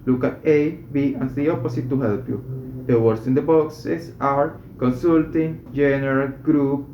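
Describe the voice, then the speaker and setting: A man's voice: medium pitch, fairly even intonation, unhurried. A man reading medical English textbook exercises aloud, carefully and with a few slips and restarts. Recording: echoey room, dull lo-fi sound, faint noise.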